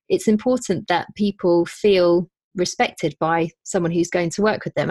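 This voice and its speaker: A woman's voice: fairly low pitch, no echo. A woman running a podcast and a business, chatting in an interview in a self-deprecating way, with frequent restarts. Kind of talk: casual interview chat.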